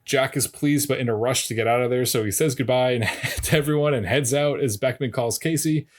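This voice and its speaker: A man co-hosting a podcast, narrating an episode recap in a steady way with dry little asides. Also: medium pitch, fairly quick. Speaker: podcast co-host.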